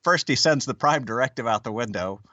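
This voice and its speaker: A man's voice: mid-range voice, expressive, a little fast, sharp tone, no echo, dull audio. A man co-hosting a podcast, recapping an episode with wry, self-deprecating humor. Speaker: podcast co-host. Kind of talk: casual chat.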